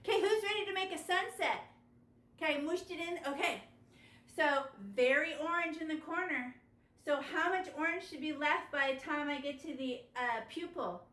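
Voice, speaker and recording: A woman teaching children a step-by-step painting lesson over a video call, animated and coaxing. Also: high-pitched, normal speed, echoey room. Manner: animated, gasping with delight, coaxing young kids. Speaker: art teacher.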